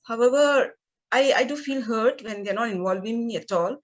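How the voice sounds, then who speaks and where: A woman, speaking as a coaching client in an emotional personal conversation and talking in a hesitant, halting way with many pauses and restarts. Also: fairly high pitch, dull audio.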